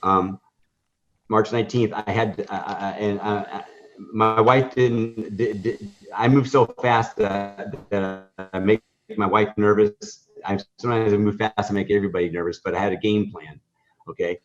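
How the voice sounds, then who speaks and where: A man's voice: lowish voice, fairly even intonation, moderate pace. A man telling a story in a podcast interview, rambling through fillers and restarts and acting out the dialogue. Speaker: guest, hot dog stand owner. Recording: dull lo-fi podcast audio.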